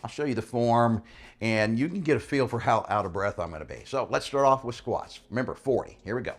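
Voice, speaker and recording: A man's voice: mid-range voice, lively intonation, a little fast. A man coaching a bodyweight workout, explaining in a casual, encouraging way and often checking in with "all right?". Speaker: fitness coach. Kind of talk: workout instruction.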